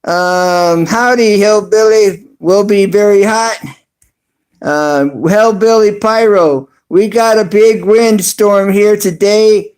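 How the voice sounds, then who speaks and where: A man's voice: sits high, a little mellow. A man hosting a casual livestream, reading viewer comments aloud with lots of fillers and little chuckles. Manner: reads chat aloud haltingly with many fillers and chuckles. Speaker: livestream host.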